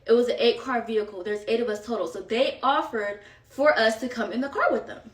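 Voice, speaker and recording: A woman's voice: fairly high pitch, a little fast. A young woman telling a rambling storytime to her viewers, casual and full of asides to the audience. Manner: chatty, filler-heavy, rambling asides to viewers. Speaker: storytime vlogger. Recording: echoey room, far from the mic.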